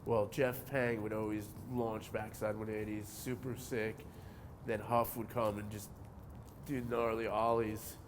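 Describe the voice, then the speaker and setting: A man, telling skateboarding stories in a relaxed interview, cursing freely and getting animated as he goes. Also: on the low side, measured pace, noisy background. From New Jersey. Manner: laid-back, swears a lot, animated when telling stories. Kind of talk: casual interview.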